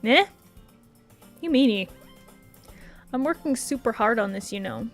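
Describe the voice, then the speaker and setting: A woman's voice: a little slow, faint music behind. Woman doing a bubbly clumsy schoolgirl. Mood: pouty. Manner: high, sing-song and excitable. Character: bubbly clumsy cheerful teenage girl. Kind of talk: visual novel read-aloud.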